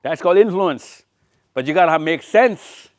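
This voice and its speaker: A man lectures a live room from his slides, pointing and quizzing listeners by name. His voice sits fairly high for a man, and the sound is close and dry. He repeats short phrases over and over to drive each point home. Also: expressive, normal speed, no room sound. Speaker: touring speaker. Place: event room with audience.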